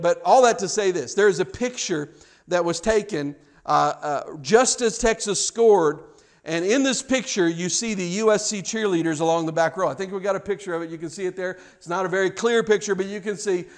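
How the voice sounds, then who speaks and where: A man with a high voice preaches a sermon in a conversational way. He often stumbles and repeats words, and his delivery swings from hushed, low stretches to loud, excited ones. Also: normal speed. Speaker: pastor.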